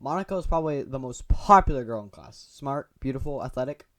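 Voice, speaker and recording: Reading a visual novel aloud for his gaming video, a young male host mixes the story text with goofy, chatty asides. His medium-pitched voice is a bit bright, with lively intonation and a brisk pace.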